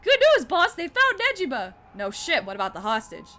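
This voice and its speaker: A woman voicing an eager, excitable young male police officer in game dialogue. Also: high voice, fairly quick, faint music behind, voice pushed up, exaggerated voice. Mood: upbeat. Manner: upbeat, excitable, chipper. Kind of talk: game dialogue read aloud.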